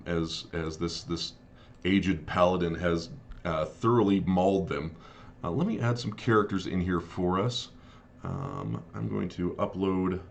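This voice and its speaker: A man serving as game master for a live-streamed tabletop game. He talks haltingly and apologetically, with frequent fillers. His voice is very deep with a gravelly rasp. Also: a little hiss or hum.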